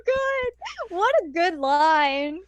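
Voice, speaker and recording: A woman's voice: a little high, normal speed, no echo. A young woman co-hosting a podcast, chatting about an anime episode with wry, teasing remarks. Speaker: podcast co-host. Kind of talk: casual anime chat.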